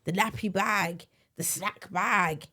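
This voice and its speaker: A woman co-hosting a casual podcast chat. She sounds tired and a bit bunged up with a cold, and she talks in an animated way with frequent laughs. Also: medium pitch, slow pace. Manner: chatty, animated, laughs often. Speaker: podcast co-host.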